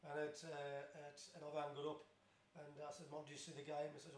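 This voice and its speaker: A man's voice: a little high, level tone, fast, a little hiss or hum. A man in his fifties with a Black Country accent from Tipton, telling rambling stories as a podcast guest, with lots of restarts and laughter. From Tipton, West Midlands of England. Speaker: guest, former footballer. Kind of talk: casual storytelling interview. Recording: roomy echo.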